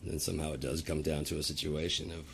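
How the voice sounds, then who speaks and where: A man's voice: extremely low pitch, little pitch movement, quick pace, creaky, a bit bright, slight background noise. A man rambling casually on a stream, drawling and profane, with sentences that trail off and restart.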